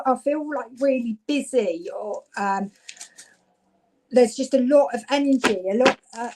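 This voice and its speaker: A woman's voice: fairly high pitch, a little hiss or hum, low-quality recording. A woman from Devon, giving chatty live psychic card readings and talking to viewers. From Devon, England. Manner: chatty, warm-hearted, gets louder when excited.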